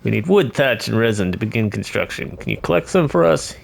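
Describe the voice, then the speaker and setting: A man's voice: on the low side, very animated, brisk, vocal fry, breathy edge, full character voice. A man reading a game's village leader aloud in a theatrical voice with a put-on, vaguely Russian accent. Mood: grandiose. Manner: grand, theatrical reading of game dialogue.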